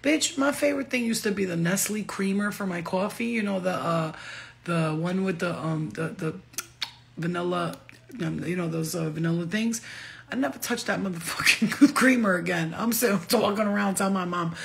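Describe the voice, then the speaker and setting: Brief: middle-aged woman, gravelly voice, loose slangy vlog talk with frequent laughs. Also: lowish voice, moderate pace. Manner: laughing, slangy, animated rambling. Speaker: vlogger. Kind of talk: casual storytelling monologue.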